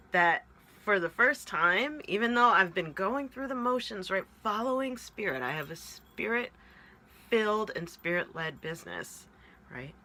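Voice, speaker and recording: A woman coach talks slowly and earnestly to her audience, her voice bright and forward. She is openly moved as she speaks and keeps checking in with them. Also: medium pitch. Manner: earnest, emotional, keeps asking "right?". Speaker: spiritual coach. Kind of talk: heartfelt direct-to-camera talk.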